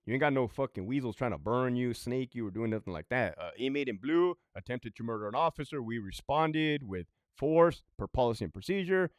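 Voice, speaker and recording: A man's voice: medium pitch, lively intonation, a little fast, few pauses, smooth, no room sound, clean studio sound. A man who was a prison sergeant tells a story in a casual monologue, blunt and full of swearing. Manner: profane, blunt, conversational.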